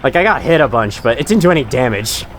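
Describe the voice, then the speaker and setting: A man in his own gaming channel's let's-play commentary, rambling and poking fun at himself as he plays. His voice sits at an ordinary middle pitch. A faint hiss of noise runs under the recording. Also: very animated, fast talker. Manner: rambling, self-mocking, chuckles to himself.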